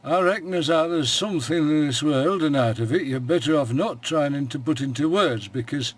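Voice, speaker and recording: A man playing a husky old Yorkshire shepherd. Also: on the high side, normal speed, lightly acted. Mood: musing. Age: older. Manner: broad dialect, dry and homely. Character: old Yorkshire shepherd, wry and plain-spoken. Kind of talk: radio monologue storytelling.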